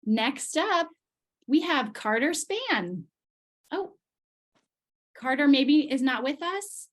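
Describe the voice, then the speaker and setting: Over a video call, a woman clinician hands out certificates at a virtual ceremony, praising the children slowly and encouragingly. Her voice is high and sing-song.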